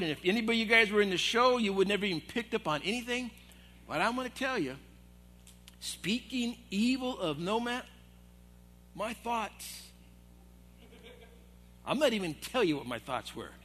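Animated, bright-voiced male pastor. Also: high-pitched, a little hiss or hum. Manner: animated, acts out quoted voices. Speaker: assistant pastor. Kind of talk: storytelling sermon. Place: church hall.

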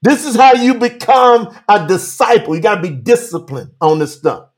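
A man preaching on a live stream, animated, calling out to viewers by name and reading scripture slowly for emphasis. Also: sits high. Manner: Southern-style 'y'all' address, drawn-out emphatic reading. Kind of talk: livestream sermon reading scripture.

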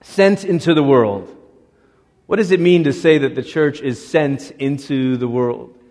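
A middle-aged man preaching a sermon as a pastor, lively and conversational, now and then acting out the voices of people in the story. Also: mid-range voice, measured pace. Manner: animated, acts out voices of Moses and God. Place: church sanctuary. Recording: long reverb of a church hall.

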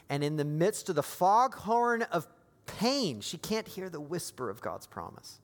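A man preaching a sermon as pastor, moving from quiet, intimate lines to raised, emphatic appeals. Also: a little high, sing-song, a little slow, long reverb tail.

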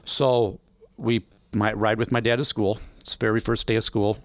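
A man in his forties from the American Midwest, telling stories in an interview, animated and acting out voices in the quotes. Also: fairly low pitch, moderate pace, no echo. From Illinois, USA. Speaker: guest. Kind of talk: storytelling interview.

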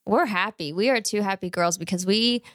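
A woman's voice: medium pitch, moderate pace, fairly bright tone, no echo, studio quality. Laughing, casual young woman podcast host. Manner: laughs often, swears casually, says y'all. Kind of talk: casual chat.

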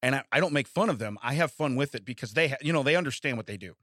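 A man's voice: medium pitch, animated, racing, fairly bright tone, dry recording, clean studio sound. A middle-aged man from the United States co-hosting a casual chat, rambling through stories with frequent laughs and restarts. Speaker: podcast co-host.

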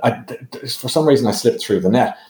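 Irish man, lively storyteller, self-deprecating, mid pitch, echoey room. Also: fast. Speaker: guest. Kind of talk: animated storytelling. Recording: roomy echo.

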